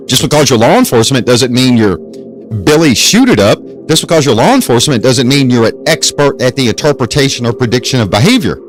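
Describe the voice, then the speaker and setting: A man's voice: medium pitch, rough recording. A man hosting his own podcast, lecturing in an emphatic style that is full of rhetorical questions and repetition, speaking into a desk mic on a stand. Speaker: podcast host.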